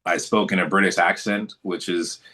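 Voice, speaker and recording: A man's voice: low voice, steady tone, moderate pace, pushed and bright. A man talking as a guest in a casual interview, telling stories in a laid-back, good-humored way.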